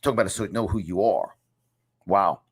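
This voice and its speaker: Deep, husky, and at a moderate pace, this New York man in his fifties hosts a podcast as a success coach. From his home studio he delivers a motivational talk, repeating key lines in a punchy, emphatic style like a preacher.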